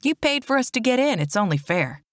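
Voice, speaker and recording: A woman's voice: fairly high pitch, very animated, brisk, dry recording, clean studio sound, pitched above the performer's own voice. A woman voicing an upbeat, friendly young male biker friend.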